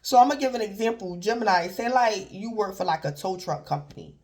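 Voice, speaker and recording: A woman's voice: medium pitch, lively intonation, quick pace, a little mellow. Rambling woman giving a tarot reading. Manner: rambling and repetitive, filler "like", chuckles; acts out imagined callers in brief quoted voices. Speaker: tarot reader. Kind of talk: casual tarot reading monologue.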